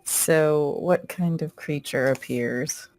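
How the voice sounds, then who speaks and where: A tabletop player narrating their character's moves in a gravelly voice. They speak slowly and hesitantly, with many pauses and fillers. Their pitch is mid-range. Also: darkish tone, no echo. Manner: hesitant, many fillers, laughs at own ideas. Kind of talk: casual play-by-play of a character's actions.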